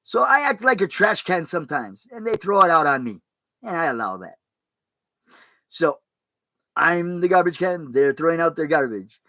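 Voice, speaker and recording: A pastor talks to his viewers in a loose, rambling sermon, cursing mildly now and then. His voice is gravelly and bright, a little higher than most men's. It sounds close and dry. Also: sing-song, moderate pace, dry recording, rough recording. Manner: rambling, plain-spoken, mild cursing. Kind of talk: casual streamed sermon talk.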